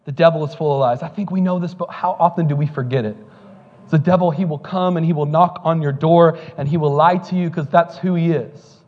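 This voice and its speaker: A man's voice: fairly high pitch, a little fast, long reverb tail, narrow, tinny audio. A male pastor preaching a sermon, telling joking stories before building to fervent preaching at a church service.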